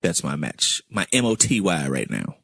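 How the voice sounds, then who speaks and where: A low-voiced man co-hosts a casual podcast, teasing and needling his partner. His pitch swings widely as he talks, and the sound is dry and close. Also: very animated, moderate pace, vocal fry, fairly bright tone, slightly rough, dry recording. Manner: teasing, playful jabs. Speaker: podcast co-host.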